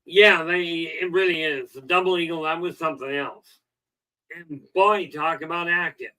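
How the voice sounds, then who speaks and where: A man's voice: fairly high pitch, normal speed, sharp tone, poor audio. A middle-aged man hosting a self-help livestream, rambling in a folksy way with lots of "okay" and "you know," and telling jokes. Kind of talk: casual livestream talk.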